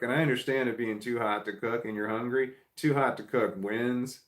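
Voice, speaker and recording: A man's voice: mid-range voice, fairly even intonation, brisk, hardly any pauses. A middle-aged man chatting casually with live viewers, rambling, restarting sentences and swearing offhand. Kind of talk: casual live chat, reading comments. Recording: roomy echo.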